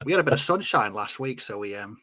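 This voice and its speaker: A man's voice: lowish voice, animated, fast, pushed and bright, no echo. A man co-hosting a podcast, chatting in a wry, amused way. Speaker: podcast co-host. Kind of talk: casual chat.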